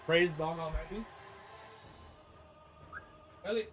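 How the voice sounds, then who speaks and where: A young man on a casual livestream, reading a novel aloud and teasing his chat in a playful, animated way. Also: mid-range voice, quick pace, pauses often, soft background music.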